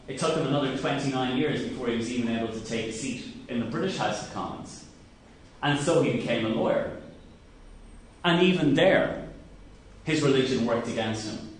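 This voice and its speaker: A man with an Irish accent giving a history seminar lecture, telling it as a story and acting out quoted speeches. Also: mid-range voice. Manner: storytelling, acts out quoted speeches with rising emphasis. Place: lecture hall. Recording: echoey room, far from the mic, faint hiss.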